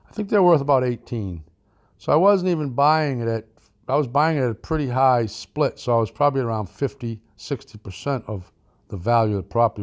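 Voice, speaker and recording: A man with a mid-range voice tells a business anecdote from his early investing days. His delivery is folksy and rambling, with asides, restarts and fillers along the way. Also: mid-range voice. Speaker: land investing teacher. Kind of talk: anecdotal storytelling.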